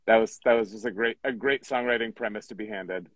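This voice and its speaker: A man's voice: fairly low pitch, brisk, no room sound, rough recording. A man from Michigan who writes songs for a show, chatting casually on a podcast with joking, self-deprecating asides. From Michigan, USA. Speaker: songwriter guest.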